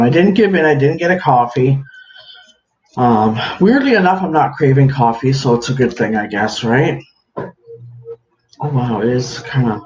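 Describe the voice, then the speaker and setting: A man's voice: medium pitch, darkish tone. A man chatting casually on a home livestream, greeting viewers by name as he works at a counter. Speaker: livestream host. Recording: echoey room, dull lo-fi sound, faint hiss.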